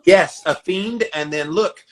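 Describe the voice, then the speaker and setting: A man's voice: sits high, measured pace. A man hosting a podcast, drawing out his guest with engaged questions. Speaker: podcast host. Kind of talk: casual interview chat.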